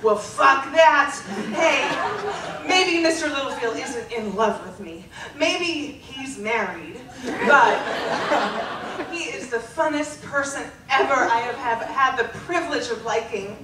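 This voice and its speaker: A woman with a high, bright-pitched voice reads her old diary aloud to a live crowd. She is animated and emphatic and keeps slipping into laughter. She sounds far from the mic in a roomy venue, with loud audience laughter and noise around her. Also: slow. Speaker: storyteller reading her teenage diary. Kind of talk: live stage reading. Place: stage in front of a live audience.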